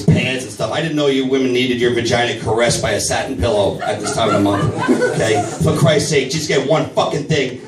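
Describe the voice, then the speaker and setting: A middle-aged man doing a crude, rambling stand-up set for a live audience, bursting into shouted voices for his own reactions. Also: medium pitch. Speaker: stand-up comedian. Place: comedy night at a vape shop, live audience. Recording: roomy live venue, mic from a distance, crowd noise. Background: audience laughter and clapping.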